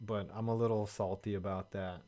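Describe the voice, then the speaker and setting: A man's voice: on the low side, little pitch movement, fairly quick, dark tone. A man hosting a casual sports talk live stream, wry and loose, often trailing off into mumbles.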